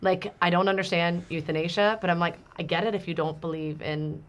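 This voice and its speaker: A woman's voice: lowish voice, steady tone, brisk. A woman, a mother, speaking candidly in a casual faith conversation.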